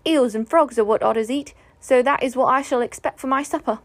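A woman's voice: high-pitched, fairly quick, dry recording. A woman voicing a haughty, vain female otter in a storybook reading, with a demanding manner.

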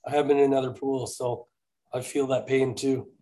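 A man's voice: mid-range voice, steady tone, normal speed, dark tone. A man co-hosting a casual podcast, reading off stat lines and ribbing his partner with offhand swearing. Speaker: podcast co-host.

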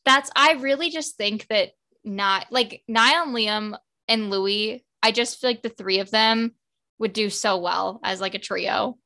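Young woman gushing about music, lots of likes, bright clear voice. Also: medium pitch. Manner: fan-girly, quick, lots of "like" fillers. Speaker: podcast co-host. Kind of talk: casual chat.

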